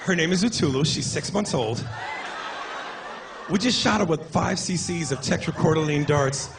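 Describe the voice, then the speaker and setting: A man's voice: a little high, moderate pace, creaky, music in the background. A man voicing an eager male wildlife TV presenter in an earnest documentary tone. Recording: noisy live club recording.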